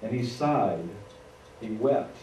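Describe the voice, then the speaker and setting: With a medium-pitched, mellow voice, a pastor preaches slowly yet animatedly, chatting conversationally and adding asides for the congregation. The sermon is recorded in an echoey church sanctuary from a distance, with faint noise.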